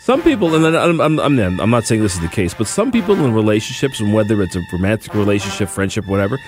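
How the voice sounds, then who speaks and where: A man's voice: on the low side, big pitch swings, fast talker, a little mellow, faint music behind. A man co-hosting a podcast in casual chat, agreeable and hedging, often repeating his words. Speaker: podcast co-host.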